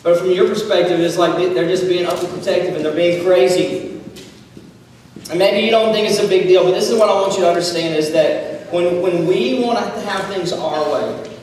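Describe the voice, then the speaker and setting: A man's voice: high voice, fairly even intonation, normal speed, darkish tone, a little hiss or hum. Man's story-talk echoing in a hall. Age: 30s. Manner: self-deprecating humor, acts out dialogue. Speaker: speaker addressing high school students. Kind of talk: casual storytelling talk with a life lesson. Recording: echoey hall, voice from far off.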